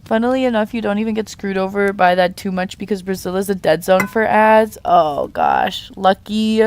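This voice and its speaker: A woman's voice: medium pitch, normal speed, darkish tone, slight background noise. A young woman chatting casually on a live stream while she draws, playfully reading and answering chat messages. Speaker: art streamer.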